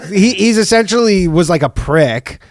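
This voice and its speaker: Male co-host, fairly high voice, lively pitch, blunt and profane comic riffing. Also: normal speed. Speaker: podcast co-host. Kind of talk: casual comedy podcast banter.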